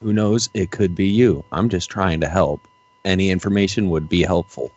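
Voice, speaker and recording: A man's voice: deep voice, normal speed, darkish tone, dry recording, highs cut off. A man playing a recruit in a tabletop role-play session, casual, playful and eager. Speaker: player.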